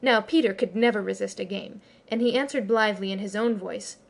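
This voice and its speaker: A woman narrating a storybook audiobook with expressive, lively storytelling. Her voice sits at a medium pitch. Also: fairly quick, gravelly, hardly any pauses. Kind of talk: scripted narration.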